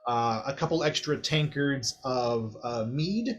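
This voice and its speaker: A man narrating a tabletop game as game master in a relaxed way, full of uhs and ums. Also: medium pitch, a little slow, slight background noise.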